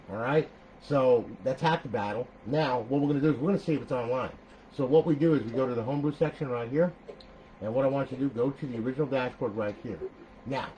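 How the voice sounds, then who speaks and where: A man's voice: medium pitch, poor audio. A man with an ordinary mid-range voice talks through a console setup step by step. He checks in with "okay?" constantly and flares up now and then. A faint noise hangs behind him. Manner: chatty, repeats "okay?", animated outbursts. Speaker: console modder giving a tutorial. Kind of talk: casual screen-recorded tutorial.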